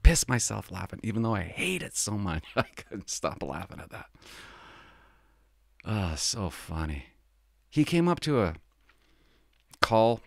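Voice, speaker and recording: A man's voice: lowish voice, big pitch swings, takes it slowly, creaky, pauses often, dry recording, clean studio sound. A middle-aged man from Canada, a former police officer, talking casually and confidingly on his podcast, rambling and laughing as he tells stories.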